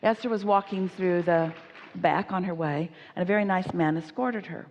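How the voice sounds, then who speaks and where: A woman giving an inspirational seminar talk, speaking as "we" in an emphatic, animated way while answering audience questions. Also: lowish voice, moderate pace, long reverb tail, highs cut off, a little hiss or hum.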